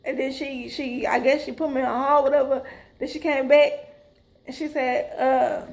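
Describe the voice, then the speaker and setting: A middle-aged woman, telling her viewers a story in a casual, animated vlog style and calling them "y'all". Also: sits high, moderate pace, gravelly. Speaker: vlogger.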